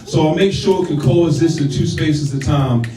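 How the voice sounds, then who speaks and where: A man with a higher, dark-toned voice performs spoken word poetry live at normal speed, with punchy declamation and casual asides to the crowd. Soft music plays behind him. Recorded from afar in an echoey venue with an audience.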